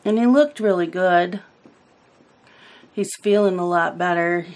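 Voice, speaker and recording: A woman's voice: on the low side, measured pace, background noise. A middle-aged woman chatting casually about her day while she colors, telling family stories in a loose, rambling way. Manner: chatty storytelling, laughs at family anecdotes. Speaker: coloring channel host.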